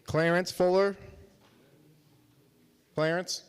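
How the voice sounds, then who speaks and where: A man's voice: sits high, fairly even intonation, clean tone. Polite man calling out names at a meeting. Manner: brisk, polite, reading names off a list. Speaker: meeting chair calling speakers. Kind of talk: procedural meeting talk.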